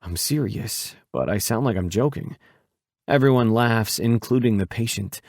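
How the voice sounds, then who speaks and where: A man with a lowish voice narrates an audiobook in a steady, measured way. The recording is dry and close, with no room sound. He keeps an even storytelling pace. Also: dry recording.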